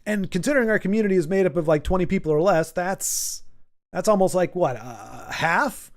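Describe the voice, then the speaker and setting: A man's voice: high-pitched, lively intonation, a little fast. A man hosting a casual livestream, chatting to his viewers in a rambling, self-deprecating way with frequent stumbles and restarts. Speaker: livestream host.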